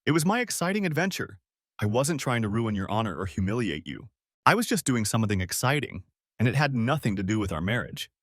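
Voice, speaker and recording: A man's voice: medium pitch, sing-song, fairly quick, a bit bright, dry recording, studio quality. A man voicing an adult wife who stammers defensively and pleads through tears. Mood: tearful. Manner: stammering, defensive then sobbing.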